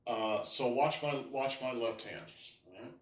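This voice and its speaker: Guy teaching tai chi slow, talks from across an echoey room. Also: medium pitch, distant mic. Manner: explanatory, checks in with "right?" often. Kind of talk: online class demonstration.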